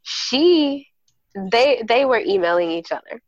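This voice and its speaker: A woman's voice: a little high, measured pace, no room sound, dull audio. A woman guest on a podcast telling a personal story candidly and animatedly, acting out what people said. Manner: candid, animated, acts out quoted dialogue. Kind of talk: casual storytelling chat.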